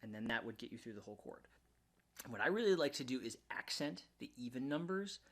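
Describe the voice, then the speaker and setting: A man teaching ukulele in a relaxed, casual way, often restarting his words and counting beats aloud. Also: mid-range voice, fairly quick. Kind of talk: casual instructional talk. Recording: ukulele music under voice. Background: ukulele playing.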